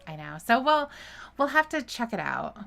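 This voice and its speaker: A woman's voice: fairly high pitch, very animated, moderate pace, gravelly, crowd noise. A woman co-hosting a live podcast stream, chatting casually and laughing often in a teasing way. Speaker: podcast co-host.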